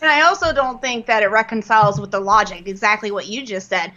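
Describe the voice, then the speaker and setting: A woman's voice: medium pitch, quick pace, pushed and bright, highs cut off, a little hiss or hum. A middle-aged woman from the East Coast of the United States, a guest on an interview show, speaking in a passionate, ranting way. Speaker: guest, lawyer and entrepreneur. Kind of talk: interview conversation.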